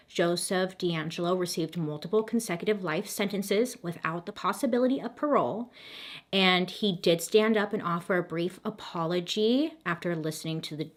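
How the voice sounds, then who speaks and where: A woman telling a true crime story to camera in a casual, chatty way, with dry sarcastic asides and a voice going hoarse. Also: fairly low pitch. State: hoarse, losing her voice.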